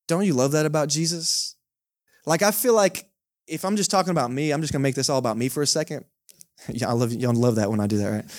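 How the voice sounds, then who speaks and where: A male pastor, preaching a sermon in a conversational, joking way and often checking in with the congregation. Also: mid-range voice. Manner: conversational, joking, keeps asking the congregation "right?". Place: church service held in a cinema.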